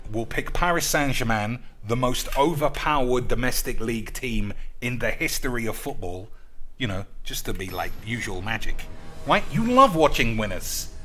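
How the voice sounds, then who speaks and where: A young man ranting as a podcast host, loud and swaggering, with sudden shouts and crude jokes. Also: mid-range voice. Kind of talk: crude comedic banter.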